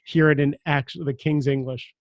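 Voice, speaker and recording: A man's voice: medium pitch, flat delivery, moderate pace, dry recording, dull audio. A middle-aged man with a Brooklyn accent hosting a podcast, chatty and reflective, with some teasing. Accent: Brooklyn, New York. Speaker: podcast host. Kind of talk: conversational interview hosting.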